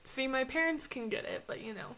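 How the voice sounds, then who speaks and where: A giggly young woman co-hosting a casual podcast. She talks with some hesitation, and her voice is slightly high and bright. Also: a little fast. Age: young adult. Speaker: podcast co-host.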